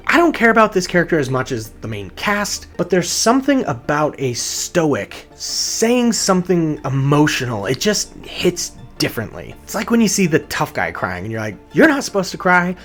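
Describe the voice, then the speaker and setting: A man reviewing books in casual, earnest talk, openly emotional about the lines he loves. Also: a little high. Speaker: book reviewer.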